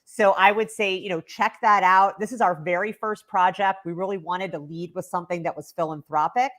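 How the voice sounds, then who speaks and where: A woman's voice: lowish voice, steady tone, fairly quick, fairly bright tone. A woman speaking as a guest on a livestreamed panel, enthusiastic and promotional, with plenty of ums along the way. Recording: online video call.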